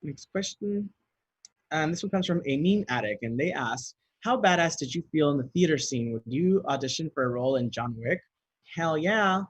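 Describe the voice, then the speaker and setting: A giggly, talkative man runs through fan questions at an easy pace and laughs often. His voice has a soft, breathy edge. It is recorded close up in a dry room with no echo. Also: fairly high pitch, animated, a little fast, lo-fi sound. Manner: chatty, giggly, reads questions aloud then rambles. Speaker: actor answering fan questions. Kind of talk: casual question and answer video.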